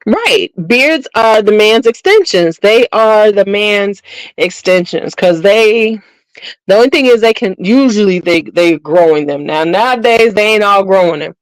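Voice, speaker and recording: A woman's voice: mid-range voice, expressive, measured pace, no echo, low-quality recording. Middle-aged lady gossiping to her viewers, blunt and slangy, dry close sound. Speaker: beauty channel host. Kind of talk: casual chat to viewers.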